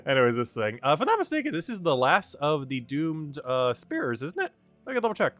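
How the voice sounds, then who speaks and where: A man's voice: fairly high pitch, wildly swooping pitch, fairly quick, a bit bright, dry recording, faint music behind. A man streaming a game, rambling casually with many fillers and frequent laughter. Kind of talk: casual game livestream commentary.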